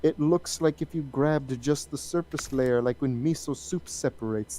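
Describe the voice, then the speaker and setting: A man in casual chat while gaming, asking teasing questions and pondering things out loud. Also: mid-range voice, normal speed, a little hiss or hum, low-quality recording. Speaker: gamer on a multiplayer stream.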